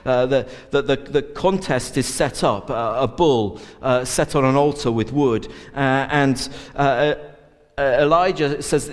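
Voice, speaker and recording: A man's voice: medium pitch, unhurried. A man preaching a sermon in an earnest way, with many fillers and restarts. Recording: long church reverb.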